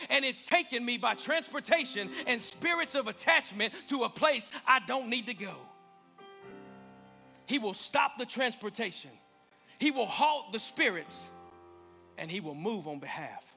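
A man preaching a sermon as pastor, swelling to emphatic peaks and dropping to hushed lines. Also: very high voice, lively intonation, a little slow, gravelly, faint music behind. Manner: preaching with rising, emphatic swells and quiet drops. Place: church sanctuary.

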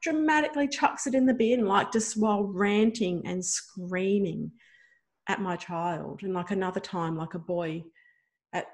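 Gravelly woman telling her story. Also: mid-range voice, a little slow. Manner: emotional, animated, many "like" fillers. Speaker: guest. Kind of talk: personal storytelling.

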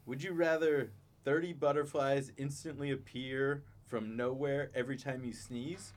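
A man's voice: medium pitch, fairly even intonation, normal speed. A man hosting a casual podcast chat, laid back, laughing often and reading out questions. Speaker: podcast host.

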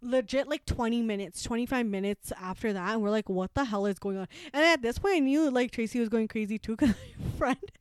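High-voiced young woman telling a story. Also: fairly quick, few pauses, smooth, no room sound, clean studio sound. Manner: animated, acts out quotes, laughs often. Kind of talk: casual chat.

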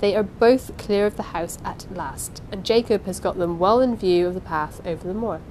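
A woman's voice: mid-range voice, moderate pace, a little mellow, slight background noise, close to an everyday voice, rough recording. A woman reading aloud and voicing a female housekeeper who speaks urgently and soothingly. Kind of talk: audiobook reading.

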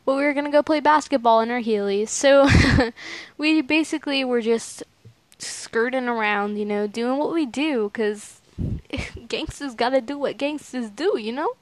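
A young woman in her teens, telling a personal story in a casual, animated, slangy way with frequent laughs. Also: high-pitched, measured pace, dry recording.

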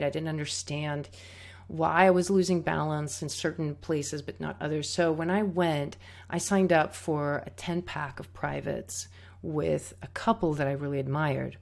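A woman who teaches tango, telling a candid personal story in a reflective way, with fillers and restarts. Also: low-pitched.

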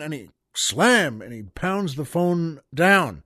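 A man hosting a show, telling a long joke in an unhurried, folksy way and laughing at his own punchlines. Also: high voice, big pitch swings, a bit bright, no room sound, studio quality. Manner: slow, folksy storyteller who chuckles at his own jokes. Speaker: podcast host. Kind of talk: joke telling and poetry reading.

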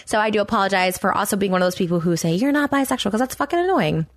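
A woman hosts her own podcast in a quick, blunt monologue full of swearing and fillers. Her voice leaps higher when she gets worked up. The recording is close and dry, with no room echo. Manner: blunt, profane, rambling with many fillers; animated, pitch jumping high when worked up. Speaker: podcast host. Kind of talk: casual commentary monologue.

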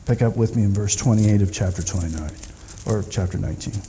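A man preaching a sermon in a church, retelling scripture in an animated storytelling manner and acting out the quoted speakers. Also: fairly low pitch, brisk, big-room sound, slight background noise. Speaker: pastor.

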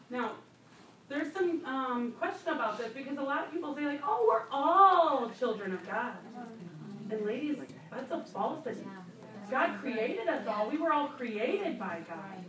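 Woman Bible teacher, high voice, chatty and emphatic, distant mic in an echoey church. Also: slight background noise. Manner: conversational, laughing asides, emphatic repetition. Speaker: women's Bible study teacher. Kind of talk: sermon teaching. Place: church room.

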